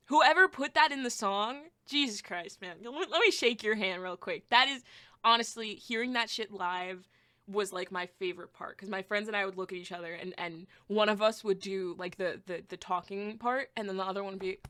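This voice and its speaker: On her podcast, a young woman reviews an album loosely and casually, her medium-pitched voice bright and forward at a moderate pace. She gets excitable, blunt and foul-mouthed, gushing over what she loves and trashing what she hates.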